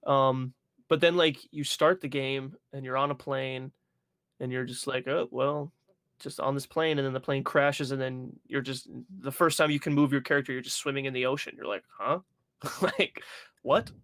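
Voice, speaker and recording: Young guy on a podcast, super animated, swears a lot, dry close mic. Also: mid-range voice, fairly quick, clear, resonant tone, no room sound. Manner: animated storytelling, swearing, acting out his own reactions. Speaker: podcast co-host. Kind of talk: casual chat.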